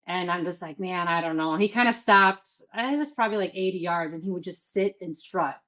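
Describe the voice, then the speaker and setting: A woman's voice: lowish voice, fairly quick, fairly bright tone, poor audio. A woman in her thirties from the Midwest, telling a story as a guest in a casual interview, full of "like" and quoted self-talk.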